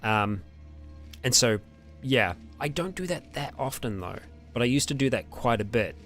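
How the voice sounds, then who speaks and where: A young man with an Australian or New Zealand accent, hosting a casual question-and-answer chat with his viewers, relaxed and rambling with lots of ums and small laughs. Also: medium pitch, normal speed, faint music behind. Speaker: roleplay channel host answering viewer questions.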